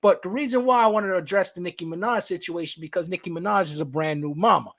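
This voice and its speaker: A man's voice: sits high, fast, a bit bright. A man co-hosting a casual live stream, joking and freestyling at times and speaking earnestly at others, often repeating words as he stumbles. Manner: playful, riffing and freestyling, then earnest. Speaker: co-host.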